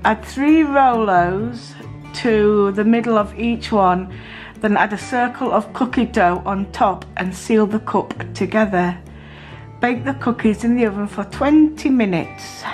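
A middle-aged South Yorkshire mum films a family vlog in her home kitchen, chatting casually as she narrates her daughter's baking. Her medium-pitched voice is unhurried and a little mellow, with soft music playing in the background.

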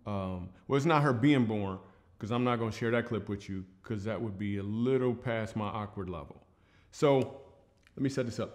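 A man doing family-friendly stand-up comedy, telling a loose, chatty story with asides and turning quiet and earnest toward the end. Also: medium pitch.

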